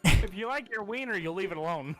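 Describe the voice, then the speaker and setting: A man's voice: sits high, lively intonation, fairly quick, over music. A man playing in an online tabletop game, talking in a casual, crude and teasing way. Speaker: player.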